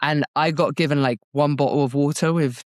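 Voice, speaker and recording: A woman's voice: low-pitched, fairly even intonation, fairly quick, a little mellow, dry recording, clean studio sound. A young woman co-hosting a podcast, telling a race story in a chatty, laughing way full of "like". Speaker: podcast co-host, cyclist. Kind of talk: casual chat.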